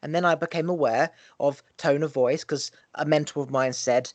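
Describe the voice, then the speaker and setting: A man hosts a casual podcast, his voice a little higher than most men's. The sound is close and dry, with no room around it. He explains his points in an animated way and acts out examples as he goes. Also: moderate pace, no echo. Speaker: podcast host.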